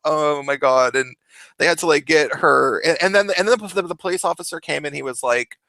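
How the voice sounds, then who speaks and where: A young man telling a story in a casual, animated way, laughing often and swearing. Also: on the high side, quick pace, creaky, no echo. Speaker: vlogger.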